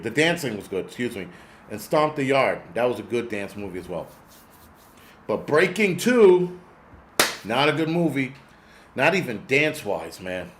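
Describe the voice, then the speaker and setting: A forty-something man hosts a laid-back livestream, going on profane, rambling tangents and responding to his chat. His voice is mid-range, and a little hiss or hum can be heard.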